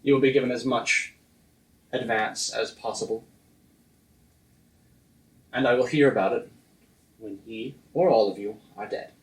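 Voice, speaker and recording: A man's voice: mid-range voice, a little slow, long pauses, far from the mic. A man narrates a tabletop game as its game master, loose and full of fillers. He sits back from the mic in an echoey room. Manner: rambling, filler-heavy narration.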